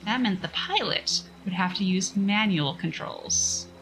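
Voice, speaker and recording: A woman's voice: medium pitch, expressive, unhurried, music in the background, poor audio. A woman reading a science fiction story aloud on a casual livestream, breaking off for chatty, self-mocking asides.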